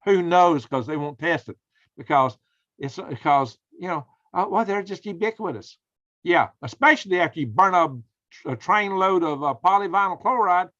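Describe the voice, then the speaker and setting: A man's voice: high voice, lively intonation, moderate pace, a bit bright. A man, hosting a casual live stream in a folksy, exclaiming way and chatting with viewers. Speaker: host. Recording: dull lo-fi sound.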